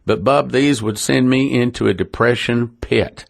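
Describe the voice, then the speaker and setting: A man's voice: mid-range voice, moderate pace, creaky, dry recording, clean studio sound. A middle-aged man giving an earnest, emotional personal testimony to his listeners, often repeating himself. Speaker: ministry leader.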